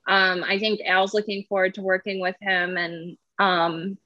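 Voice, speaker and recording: A woman's voice: mid-range voice, level tone, a little slow, dry recording, muffled recording. A woman guest on a podcast, chatting casually and hesitantly with many fillers. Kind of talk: casual interview chat.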